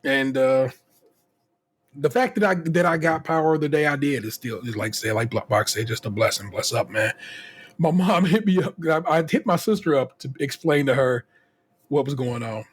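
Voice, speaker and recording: On a casual podcast, a male co-host rants with plenty of profanity and many false starts, animatedly acting out what other people said. He has a medium-pitched voice with a breathy edge and keeps a moderate pace.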